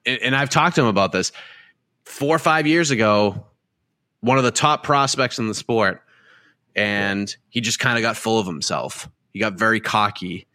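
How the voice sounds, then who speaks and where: Chatty man with a bright, dry voice. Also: on the low side, normal speed, no room sound. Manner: chatty, rambling, lots of likes and restarts. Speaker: host. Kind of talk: casual post-fight podcast chat.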